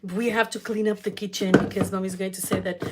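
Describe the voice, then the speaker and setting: A woman's voice: medium pitch, level tone, fairly quick, very noisy, natural voice. A woman putting on her panicky younger sister, pleading frantically to clean up before their mother arrives. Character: panicky younger sister fretting about mess.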